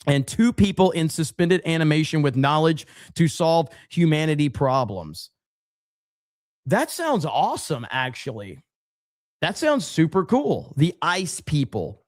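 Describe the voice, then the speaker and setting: Chatty high-voiced man reading comments. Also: dry recording, clean studio sound. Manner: laid-back and chatty, with frequent fillers. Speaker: podcast host. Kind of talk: casual livestream chat, reading viewer comments.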